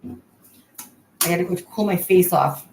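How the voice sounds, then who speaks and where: A woman's voice: lowish voice, slow pace, vocal fry, a little mellow, slight background noise. Chatty woman live-streaming in an echoey room. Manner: chatty, talks to viewers by name, laughs often. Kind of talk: casual live-stream chat. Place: home.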